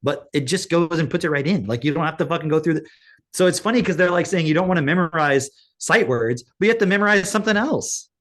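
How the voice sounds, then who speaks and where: A man's voice: on the high side, lively intonation, fast talker, fairly bright tone. A man co-hosting a podcast in casual chat, talking bluntly, ranting and swearing freely. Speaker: podcast co-host.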